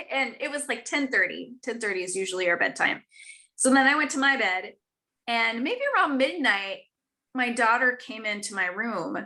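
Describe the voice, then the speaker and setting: Earnest mom-author lady on a live chat, bright higher voice, lots of ums and restarts. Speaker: author guest.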